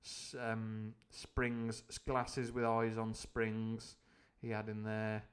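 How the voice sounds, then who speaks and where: A man's voice: on the low side, completely flat delivery, slow pace. A man reading a novel aloud on a live stream, who often breaks off into rambling, jokey tangents full of ums and uhs. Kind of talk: live book reading with comic asides.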